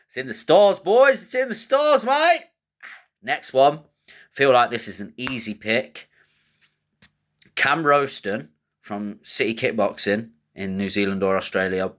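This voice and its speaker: Lowish-voiced guy ranting about fight picks, crude jokes, all over the place. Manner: animated, joking, crude trash talk. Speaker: fight predictions host. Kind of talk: casual fight-pick commentary.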